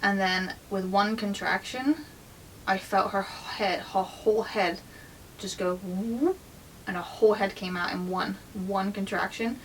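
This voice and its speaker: A woman shares a deeply personal story in a candid, emotional, chatty way, her middle-pitched voice a little off-mic. A faint low rumble sits under the recording. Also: fairly even intonation, measured pace, far from the mic, poor audio. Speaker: vlogger.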